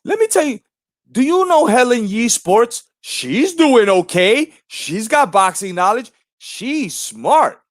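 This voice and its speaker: Man, 40s, channel host: high, swooping, combative, cursing rant, dry close sound. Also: slow pace, dry recording. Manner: profane, confrontational, animated. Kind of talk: ranting monologue.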